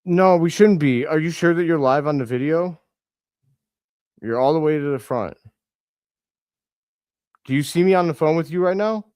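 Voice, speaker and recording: An excitable young man calls a basketball game live, mixing play-by-play with exasperated remarks at players. His voice sits a bit high and sounds close and dry, with no room around it. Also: smooth, dry recording. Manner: excitable, scolds players aloud, quick self-corrections. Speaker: live reaction stream host.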